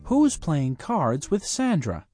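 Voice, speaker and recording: A speaker reading slow question-and-answer drills for a language lesson. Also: medium pitch, big pitch swings, mellow, soft background music.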